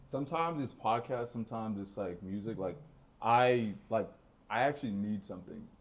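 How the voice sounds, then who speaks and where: Low-voiced young man rambling casually. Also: normal speed, slight background noise. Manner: rambling, heavy on "like" and "bro". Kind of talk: casual chat.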